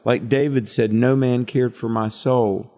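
A man's voice: mid-range voice, fairly even intonation, unhurried, warm tone. A man co-hosting a Bible study discussion, reading scripture and drawing out its meaning in a preacherly way. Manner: preacherly, asks questions of co-host. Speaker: Bible teacher co-host.

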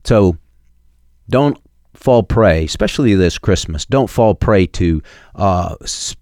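A middle-aged man preaching a sermon, emphatic and building to sharp peaks, quoting scripture with chapter and verse. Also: low voice, lively intonation, slow pace, no room sound, studio quality. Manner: emphatic preaching, rising sharply on key points. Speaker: pastor.

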